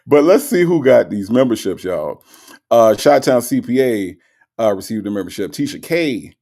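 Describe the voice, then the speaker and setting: A man's voice: lowish voice, mellow. A man hosting a livestream, reading out viewer messages in a chatty, repetitive way that keeps tagging lines with okay and all right. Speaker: livestream host. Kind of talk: live-stream chat, reading viewer messages.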